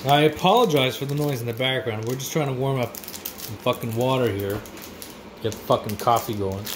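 A man's voice: medium pitch, normal speed. A man, casually reviewing food in a vlog with crude, profane, rowdy banter. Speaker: vlogger. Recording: faint background noise.

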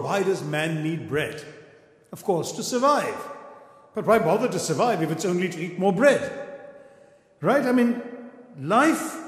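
A middle-aged man with an Indian English accent giving an eloquent, wry public lecture, telling an anecdote to an auditorium audience. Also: sits high. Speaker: guest lecturer. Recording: echoey auditorium with long reverb.

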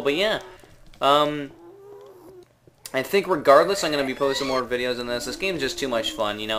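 A man's voice: medium pitch, fairly bright tone, a little hiss or hum. Young Canadian guy, mid-range voice, casual self-mocking game commentary, words drag on. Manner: rambling, unsure, drawn-out words, laughs at himself. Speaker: gaming video maker.

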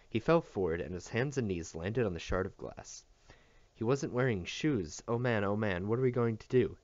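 A man reading a novel aloud as scripted narration, in an expressive storytelling manner. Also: sits low, dry recording. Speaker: audiobook reader. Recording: dull dry recording.

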